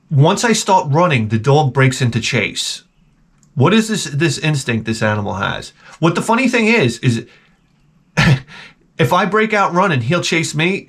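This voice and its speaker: A middle-aged man hosting his channel, telling a comic story in a profane, animated rant full of restarts. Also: medium pitch. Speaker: host.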